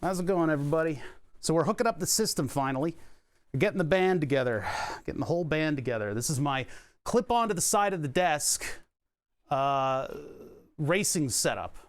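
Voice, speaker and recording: A man's voice: on the high side, expressive, brisk. A man live-streaming as he assembles a racing wheel setup. He chats casually, jokes about himself and swears when he hurts his hand. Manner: joking, self-deprecating, swears when hurt. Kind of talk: casual live-stream chat while building hardware.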